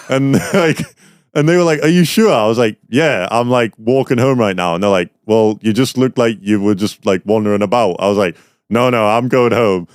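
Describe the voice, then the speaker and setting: A man's voice: fairly low pitch, moderate pace, clean tone, no room sound, clean studio sound. A young man, a podcast guest, telling a rambling story in casual chat with lots of fillers.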